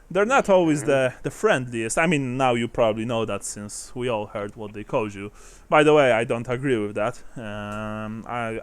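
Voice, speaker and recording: A man voicing a rough, tattooed working man in a tavern, blunt and swearing. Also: medium pitch, no echo, lightly acted.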